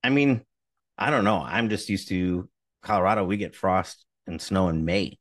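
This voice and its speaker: A man's voice: sits low, moderate pace, no room sound, studio quality, far from the mic. A man co-hosting a podcast, bantering playfully and reading a short charity segment. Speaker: podcast co-host.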